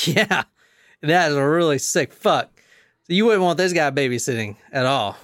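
A man with a notably high voice hosts a loose true-crime chat. He drifts between reading quotes and joking, swearing freely and laughing often. The sound is dry and close, with no room around it. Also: expressive, normal speed, a bit bright, dry recording. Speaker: host.

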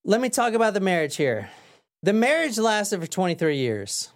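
A man's voice: sits high, very animated, moderate pace, no echo, clean studio sound. A man hosting a casual true-crime podcast, reading out case notes and joking with his co-hosts. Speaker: podcast host.

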